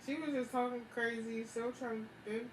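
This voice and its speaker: A young woman, telling a story in a slangy, animated, casual way with frequent laughs. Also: fairly high pitch, moderate pace. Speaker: vlogger. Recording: echoey room with background noise.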